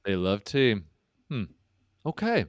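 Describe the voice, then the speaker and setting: Man, podcast co-host and gamer, animated melody, dry recording. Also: mid-range voice, slow, smooth, dry recording. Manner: goofy, playful interjections. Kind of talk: casual podcast banter.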